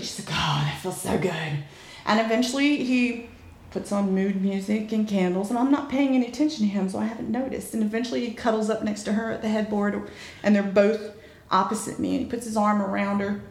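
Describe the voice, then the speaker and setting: A woman guest telling a frank story in a casual chat, animated and quick to laugh. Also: mid-range voice. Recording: echoey room, faint noise.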